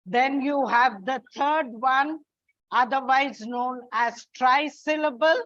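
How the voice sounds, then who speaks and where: A woman teacher giving a classroom English lesson, explaining slowly and deliberately with spelled-out examples. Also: high voice, fairly bright tone, no echo. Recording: dull lo-fi sound.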